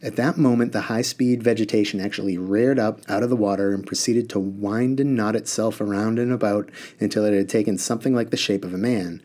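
A man reading a children's novel aloud in a steady storytelling manner. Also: fairly low pitch. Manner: steady storytelling, casual asides. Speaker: reader.

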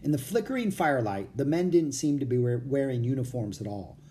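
A reader narrating a children's storybook aloud with an expressive delivery. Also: medium pitch, a little fast, slight background noise. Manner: expressive, animated reading. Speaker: audiobook reader.

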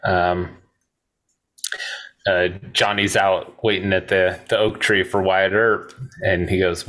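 A man's voice: deep voice, little pitch movement, takes it slowly, long pauses, a bit bright. A man co-hosting a casual movie podcast, retelling film scenes step by step and laughing often. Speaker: podcast co-host.

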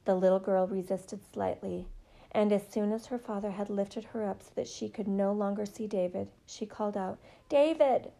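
A woman reading a novel aloud in a steady, measured way. Her voice is low in brightness and mellow, with a gravelly texture and a medium pitch. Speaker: narrator.

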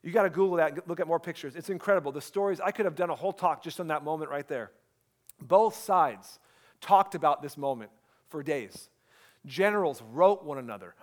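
A man's voice: on the high side, fairly quick. Earnest pastor, a man preaching. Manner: earnest, drops to a hushed voice for emphasis. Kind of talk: sermon.

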